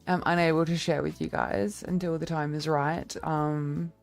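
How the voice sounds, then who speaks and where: A woman's voice: low voice, level tone, normal speed, creaky, faint music behind. A woman streamer chatting casually with her viewers, rambling, with lots of fillers.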